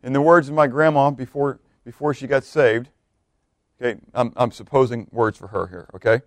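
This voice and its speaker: A man preaching a sermon, swinging from loud emphatic bursts to hushed quiet lines. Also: mid-range voice, fairly even intonation, moderate pace, no room sound.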